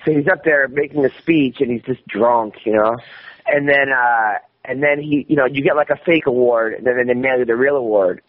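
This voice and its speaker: A male comedian calling in to a radio show, telling rambling stories in a relaxed, casual way. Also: mid-range voice, brisk. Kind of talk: casual call-in chat. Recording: tinny phone line.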